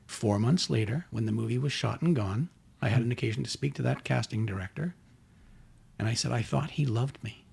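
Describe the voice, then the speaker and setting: Canadian host dude, gravelly kinda husky voice, takes his time telling a story. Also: mid-range voice, a little mellow. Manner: unhurried anecdote teller. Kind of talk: casual chat.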